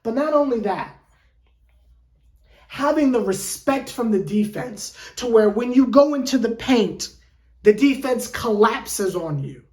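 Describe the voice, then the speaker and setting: A fairly high-voiced woman delivers a fan's reaction rant, exasperated and theatrical and full of rhetorical questions. Her voice rings around a roomy, echoey space. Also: animated, unhurried, mellow. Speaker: sports fan vlogger.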